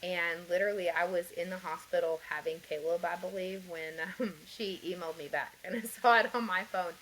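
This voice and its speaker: A woman's voice: fairly low pitch, fairly even intonation, brisk, fairly bright tone, a little hiss or hum, low-quality recording. A woman guest on a podcast, earnestly telling her personal story in a rambling way, with many fillers and light laughs. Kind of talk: conversational interview, personal story.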